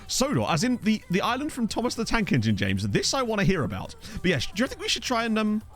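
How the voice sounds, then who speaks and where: A man streaming a football management game, talking in a loose, self-mocking way and breaking into laughs. His pitch swings up and down a lot as he reads chat and weighs up players, and he is hiccuping. Faint music plays underneath him. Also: huge pitch swings, fast, fairly bright tone. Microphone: desk USB microphone.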